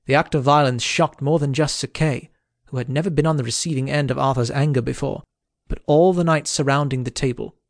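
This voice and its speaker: A man's voice: medium pitch, steady tone, a little fast, dry recording. Man reading an audiobook, dry and close. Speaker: audiobook narrator. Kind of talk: scripted narration.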